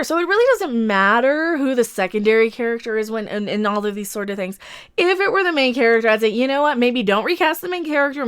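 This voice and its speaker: A woman's voice: fairly high pitch, a bit bright, clean tone. A woman giving rambling, sarcastic and opinionated commentary as an online commentator.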